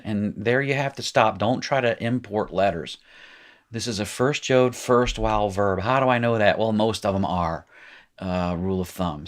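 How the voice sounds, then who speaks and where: A man teaching a recorded language lesson, explaining patiently with small asides and encouraging the listener. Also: lowish voice. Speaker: Hebrew teacher.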